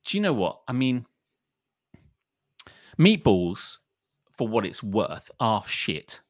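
A man's voice: fairly low pitch, slow pace, no echo, clean studio sound. A man co-hosting a casual chat show, ranting with lots of swearing. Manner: ranting, profane, animated. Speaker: podcast co-host.

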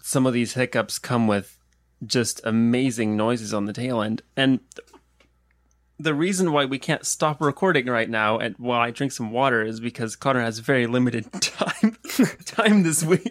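A man's voice: mid-range voice, moderate pace, no room sound. A man hosting a casual podcast, rambling and self-deprecating while he fights a bout of hiccups. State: has the hiccups. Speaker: podcast host. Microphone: close podcast microphone.

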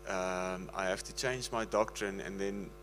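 A man's voice: low voice, steady tone, a little slow, a bit bright, slight background noise, low-quality recording. A man preaching in a casual, earnest and pleading way, often slipping into laughter. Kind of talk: casual sermon talk.

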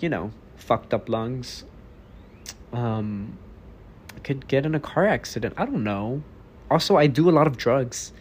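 A man's voice: mid-range voice, slight background noise. An eighteen-year-old man from Texas hosting his own podcast, talking alone in a rambling, blunt, profane way. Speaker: podcast host. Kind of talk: casual solo podcast monologue.

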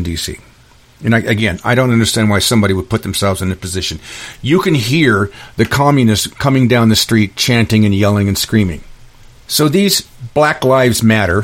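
A man hosting a solo podcast, delivering an angry ranting monologue full of restarts and repeated words. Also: fairly low pitch. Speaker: podcast host.

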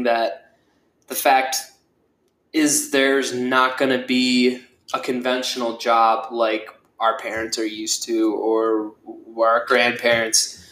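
A man's voice: mid-range voice, a bit bright. A young man hosting a casual solo podcast, rambling and swearing freely, with lots of fillers. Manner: rambling, profane, with many fillers. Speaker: podcast host. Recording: echoey room.

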